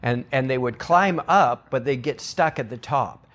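An earnest male pastor speaks on a podcast in an easy, mid-pitched voice. He tells his stories with conviction and leaps into other people's voices to act out what they said. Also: a little slow, fairly bright tone. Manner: earnest storyteller who acts out quotes with big pitch jumps. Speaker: church pastor, guest. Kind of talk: podcast conversation.

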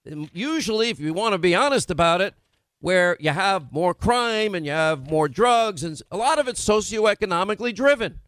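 A man's voice: high-pitched, animated, normal speed, fairly bright tone, dry recording. A man hosting a political talk radio show, delivering emphatic, combative commentary with sarcastic asides.

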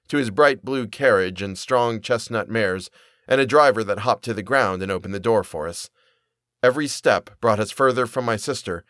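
A man reading a period story aloud as narrator, in an expressive, measured way. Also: lowish voice, no room sound, clean studio sound. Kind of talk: audiobook reading.

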